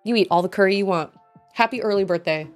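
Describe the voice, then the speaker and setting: A woman's voice: mid-range voice, quick pace, soft background music. A woman streamer chatting casually with her viewers while she plays, rambling and answering chat as she goes.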